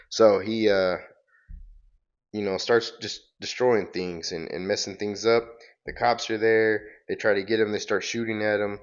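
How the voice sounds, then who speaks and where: A man casually recapping a comic book story in a relaxed, rambling way. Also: lowish voice, unhurried, muffled recording. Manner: relaxed, rambling with fillers and laughs. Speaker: comic book reader, host.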